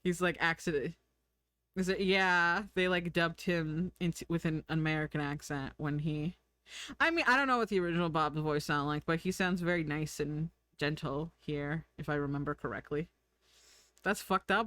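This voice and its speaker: A woman's voice: sits low, normal speed, fairly bright tone, dry recording. A young woman streaming, chatting casually and giggling while she draws and reads chat. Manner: chatty, giggly, thinks aloud.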